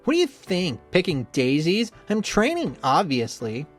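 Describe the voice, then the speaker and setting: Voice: mid-range voice, huge pitch swings, measured pace, soft background music. A reader doing a sneering, bitter young rival man. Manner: sneering, swears often. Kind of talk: visual novel voice acting.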